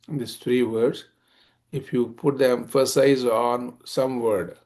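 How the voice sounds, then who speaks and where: A man teaching a scripture class, chanting verses slowly and explaining them with many fillers. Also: mid-range voice, steady tone, a little mellow.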